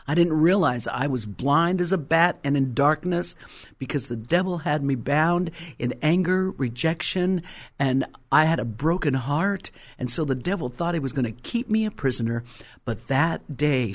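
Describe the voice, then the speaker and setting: A woman's voice: sits low, moderate pace. Older woman giving an emphatic testimony. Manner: emphatic, vivid storytelling with acted-out quotes. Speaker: Christian testimony speaker. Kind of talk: personal faith testimony.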